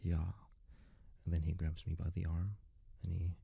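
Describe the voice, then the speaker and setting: A young man rambles in a soft-spoken ASMR style, very close to the microphone. His low voice is gravelly, heavily husky and very dark. He keeps stringing loose thoughts together with "like". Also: completely flat delivery, fairly quick, no echo. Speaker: ASMR creator.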